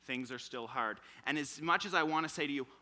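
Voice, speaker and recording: A man's voice: a little high, a little fast. A young man in his twenties preaching a sermon in church, telling stories and acting out quotes with energy. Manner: animated storytelling with acted quotes.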